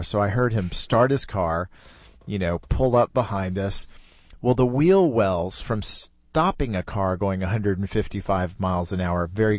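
A middle-aged man hosting a podcast, telling a story in a relaxed, chatty way and laughing easily. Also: lowish voice, no echo, clean studio sound. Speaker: podcast host. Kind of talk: casual storytelling.

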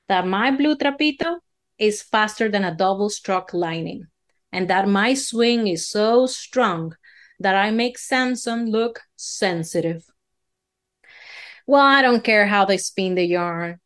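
A woman's voice: medium pitch, unhurried, a bit bright. A woman storyteller spinning a folksy, dramatic tall tale in a drawling way.

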